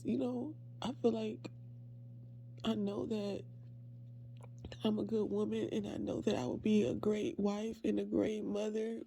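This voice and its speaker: A woman, a faith ministry creator, speaking in a halting, heartfelt personal monologue with soft trailing phrases. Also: mid-range voice, vocal fry, slight background noise.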